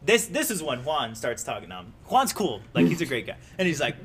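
A young man casually telling a story to friends, animated and acting out the quotes. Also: fairly high pitch, brisk, slight background noise. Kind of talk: casual chat.

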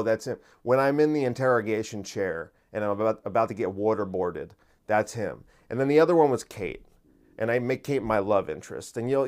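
Laid-back man hosting a podcast. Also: mid-range voice. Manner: laid-back, rambling, swears casually. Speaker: podcast host. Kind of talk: casual monologue intro.

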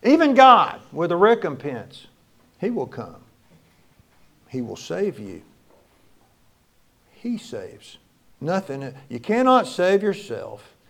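A male pastor preaching a sermon, moving between loud exclamations and quiet, low lines. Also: big pitch swings, slow, vocal fry, long pauses.

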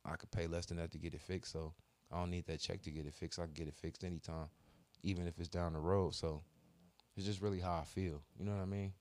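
Deep-voiced man telling a story, cursing freely. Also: fast talker, dry recording. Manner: animated storytelling, heavy cursing, slangy. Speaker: podcast co-host. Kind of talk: casual chat.

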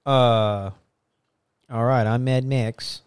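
A man in casual podcast chat who jokes around and drifts between topics, laughing a lot. His voice sits at an ordinary middle pitch. The recording is dry and close, with no room sound. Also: steady tone, extremely slow, clean tone, no echo. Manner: joking, laughs often, rambling. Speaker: podcast co-host.

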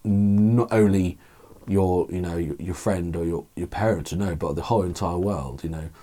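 A man's voice: low-pitched, normal speed, dark tone. A man talking as a guest in a casual podcast chat, thoughtful and meandering with many fillers.

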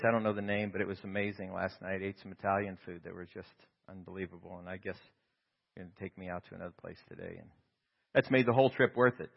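Rambling middle-aged man telling stories. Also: fairly low pitch. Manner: rambling, self-deprecating humor, acts out dialogue. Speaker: professor. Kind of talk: casual storytelling to a group. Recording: slightly dull lo-fi sound.

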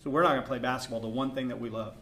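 A middle-aged man co-hosting a podcast, telling a story in a casual, animated way that swings between hushed asides and loud outbursts. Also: mid-range voice, racing. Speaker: podcast co-host.

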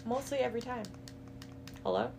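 A woman's voice: fairly high pitch, fairly quick, vocal fry, a crowd in the background. A woman playing through a game in a casual let's-play, getting panicky and giggly as she goes. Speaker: player of the game.

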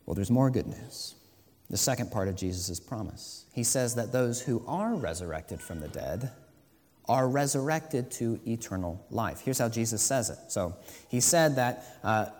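A male pastor delivers a sermon in a church sanctuary, his voice carrying a long reverb through the hall. He slows to quiet, deliberate emphasis and then climbs into loud, urgent exhortation. His pitch sits in an ordinary middle range for a man. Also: expressive.

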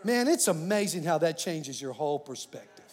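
High-voiced preaching man in a reverberant hall. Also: normal speed. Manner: animated, swings from loud to hushed. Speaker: pastor. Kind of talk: sermon.

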